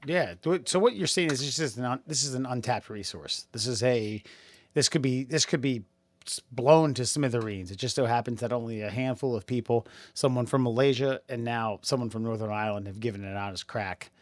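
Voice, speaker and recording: A man co-hosting a podcast who trades wry, profane asides in a relaxed back-and-forth. He speaks at a middling pitch, and his voice sounds close and dry. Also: a little fast, no room sound. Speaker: podcast co-host. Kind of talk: casual podcast banter.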